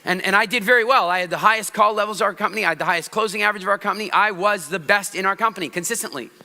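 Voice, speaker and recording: A man giving a live talk on public speaking to an audience, swinging between loud, fast bursts and soft, slow passages. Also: sits high, gravelly. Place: large event hall. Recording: long reverb of a large hall.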